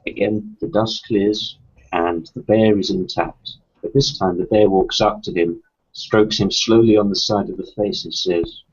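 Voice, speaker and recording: Very deep, husky man telling a joke. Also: steady tone, unhurried. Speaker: player. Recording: dull lo-fi recording.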